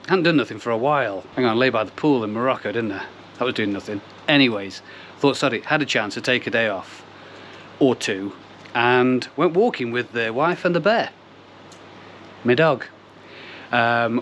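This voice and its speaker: Here the koi pond host, a middle-aged man, talks at a moderate pace in a somewhat bright, mid-range voice. Outdoors by his pond, he chats casually, digresses often, and makes self-deprecating jokes, over a slight hiss or hum.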